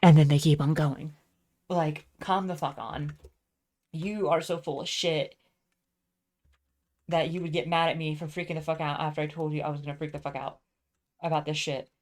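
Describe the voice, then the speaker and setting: A woman's voice: low-pitched, little pitch movement, normal speed, long pauses, a little mellow. A woman venting in a casual, profane monologue, rambling with many fillers and restarts. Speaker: vlogger.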